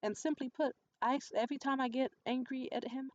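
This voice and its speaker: A young adult woman in a casual vlog monologue, telling stories in a blunt, profane and animated way. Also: sits high, fairly quick, lo-fi sound. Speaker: vlogger.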